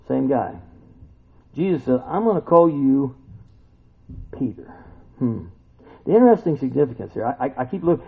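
A man preaching a casual sermon in a conversational, animated way, acting out the voices of the people he quotes. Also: mid-range voice, moderate pace, vocal fry, long pauses, breathy edge. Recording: tinny lo-fi phone-like recording.

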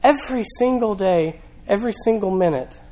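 A man's voice: high voice, lively intonation, normal speed, dark tone, poor audio. A male pastor preaching a sermon in a church, talking conversationally with rhetorical questions and emphatic repetition.

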